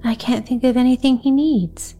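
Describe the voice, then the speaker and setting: A woman reading aloud, voicing a sweet, gentle little girl in an earnest, slightly lifted voice. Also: high-pitched, steady tone, normal speed, soft background music, pitched above the performer's own voice.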